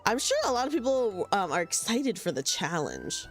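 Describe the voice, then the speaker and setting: A woman's voice: mid-range voice, big pitch swings, normal speed, hardly any pauses, faint music behind. Chatty young woman streaming a game. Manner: chatty, giggly, talks to chat with many restarts. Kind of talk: casual live-stream chat while playing.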